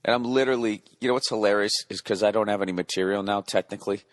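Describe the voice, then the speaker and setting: A man's voice: lowish voice, fairly even intonation, rapid-fire, dry recording. Profane, rambling middle-aged man. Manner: profane, rambling, sarcastic rant. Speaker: podcast host. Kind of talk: solo podcast monologue.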